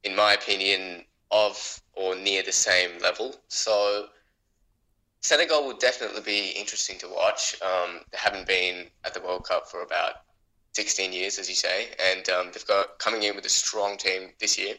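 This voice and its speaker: A man's voice: low-pitched, moderate pace, sharp tone, low-quality recording. A man co-hosting a sports podcast, giving casual opinions with frequent hesitations. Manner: hesitant, with frequent ums and uhs. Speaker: podcast co-host.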